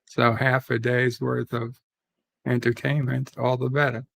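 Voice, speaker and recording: A man's voice: medium pitch, flat delivery, measured pace, vocal fry, fairly bright tone, rough recording. A man in easygoing, rambling casual chat as a guest on a livestream.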